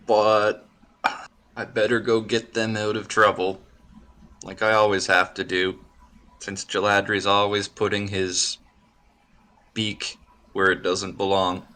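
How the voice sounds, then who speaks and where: A man playing his character in a tabletop game, speaking slowly and with hesitation. His low voice has a bright, tense edge. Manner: slow, hesitant, many fillers. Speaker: player.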